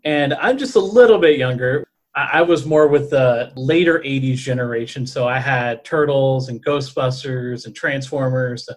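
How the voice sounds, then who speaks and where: A man in his thirties from New Orleans, speaking with that city's accent. He co-hosts a podcast in a loose, chatty way, full of "uh"s and restarts, at an ordinary pitch. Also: normal speed. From New Orleans, Louisiana. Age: 30s. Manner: chatty, with frequent fillers and restarts. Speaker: podcast co-host. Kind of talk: casual podcast chat.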